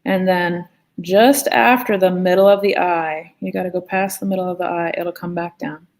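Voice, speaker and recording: A woman's voice: lowish voice, steady tone, normal speed, a little mellow. A woman teaching a live online drawing lesson in a chatty, playful way, talking as she draws. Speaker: art teacher. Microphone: phone.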